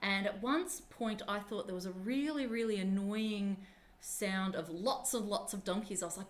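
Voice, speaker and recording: A woman's voice: medium pitch, normal speed. A woman hosts a live stream in a chatty, upbeat way. She talks straight to the children watching at home. Her tone is casual and friendly. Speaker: live-stream presenter at a penguin nature park.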